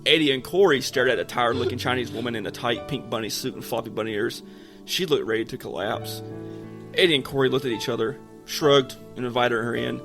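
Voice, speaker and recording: Podcast co-host, male, casual story reader, clear music bed underneath. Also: mid-range voice, a little fast. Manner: casual, breaks off to joke. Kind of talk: reading a story aloud to friends.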